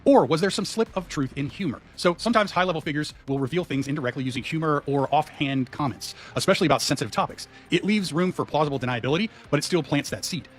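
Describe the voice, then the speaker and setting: A man's voice: on the high side, quick pace, hardly any pauses, slight background noise. A man giving casual commentary on a video clip, posing questions to viewers.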